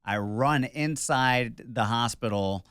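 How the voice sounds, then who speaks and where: A man co-hosting a podcast, telling a story in casual chat, lively and acting out his own shouting. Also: medium pitch, slow, smooth, no echo, clean studio sound. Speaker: podcast co-host.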